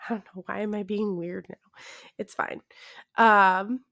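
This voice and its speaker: A woman's voice: medium pitch, steady tone, unhurried, creaky, fairly bright tone. Tired, awkward woman podcast host. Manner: awkward, self-deprecating, laughs often, many fillers. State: tired, yawning. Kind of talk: casual solo podcast chat.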